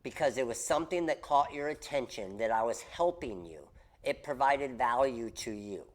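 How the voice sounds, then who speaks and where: A man hosting a casual craft business livestream, coaching viewers in an animated, emphatic way and repeating his key points. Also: mid-range voice, moderate pace.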